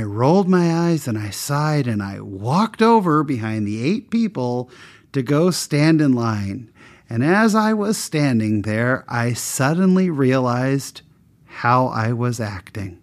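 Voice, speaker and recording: A man's voice: mid-range voice, big pitch swings, a little slow. Guy telling a story on himself, chatty and candid, voice swings way up when he acts out the people he's quoting. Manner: conversational, candid and self-mocking storytelling. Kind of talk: personal anecdote with a moral lesson.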